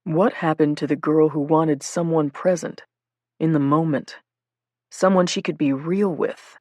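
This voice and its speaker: Woman narrator voicing a tender young man, soft and patient, low, dry read. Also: steady tone, unhurried, no room sound. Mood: gentle, pleading. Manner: soft, gentle, pleading. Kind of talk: audiobook character voice.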